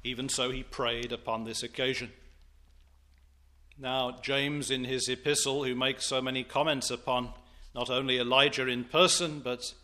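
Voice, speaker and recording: Bright-voiced male preacher, rhetorical. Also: mid-range voice, little pitch movement, normal speed. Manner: expository, rhetorical questions, old-fashioned phrasing. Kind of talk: sermon.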